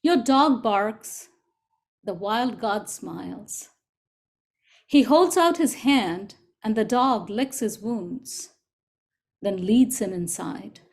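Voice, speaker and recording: A woman co-leading an online group, reading a poem aloud in a gentle, deliberate, unhurried way over a video call. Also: medium pitch, expressive. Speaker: co-facilitator. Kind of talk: slow poetry reading.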